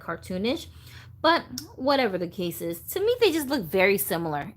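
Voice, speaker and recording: A woman hosts a relaxed livestream for doll collectors. She talks in a loose, rambling way, with plenty of "like" and "you know", and stops now and then to answer viewer comments. Her voice sits at a medium pitch. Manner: chatty, rambling, reads viewer comments aloud. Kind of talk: casual livestream chat.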